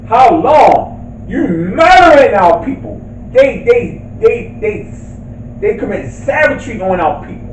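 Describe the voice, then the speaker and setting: A man delivers a fiery sermon in a very high, animated voice, rising into shouts as he reads scripture. He sounds set back from the microphone in a roomy, echoing space. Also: recorded from a distance, slight background noise. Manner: impassioned, shouting at times. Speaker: street preacher.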